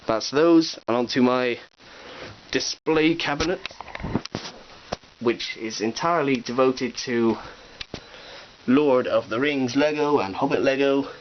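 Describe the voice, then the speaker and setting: Chatty man giving a collection tour. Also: medium pitch. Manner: chatty and upbeat, with playful asides. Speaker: toy collection vlogger. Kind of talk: casual show-and-tell tour. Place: room at home with display shelves. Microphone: cheap digital camera. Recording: dull camera audio with faint hiss.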